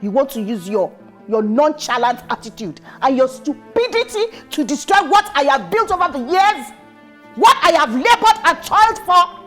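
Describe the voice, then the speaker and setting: A woman's voice: medium pitch, animated, normal speed, soft background music, close to an everyday voice. An actress with a Nigerian accent playing a stern, domineering, religious middle-aged mother who scolds her son. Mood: furious. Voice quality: scolding, forceful. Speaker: strict mother. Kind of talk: film drama acting.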